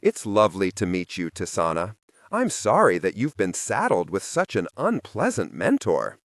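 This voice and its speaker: Samarin, a gentle, soft-spoken man of magic, voice low and smooth with a wide, lively lilt, courteous even when worn thin by patience, as a male narrator puts him on. Dry, close sound. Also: normal speed, no room sound, heavily acted.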